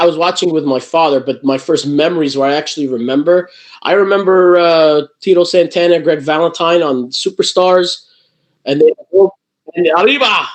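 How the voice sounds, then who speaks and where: A man with a somewhat high voice tells stories in a casual interview. He rambles, restarting sentences and leaning on fillers as he goes. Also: poor audio. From New Jersey. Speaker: guest, wrestling promotion owner.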